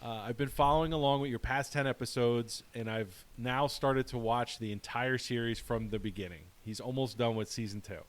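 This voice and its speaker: A man hosting a casual podcast, talking haltingly with many fillers and restarts. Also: medium pitch, fairly even intonation. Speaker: podcast host.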